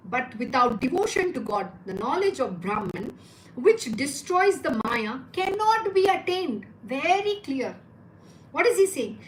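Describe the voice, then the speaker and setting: A high-voiced woman preaches with fervor, firing rhetorical questions and scolding her listeners. Her voice rings in an echoey room with a faint hiss behind it. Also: big pitch swings, normal speed. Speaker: spiritual teacher. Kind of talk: devotional discourse.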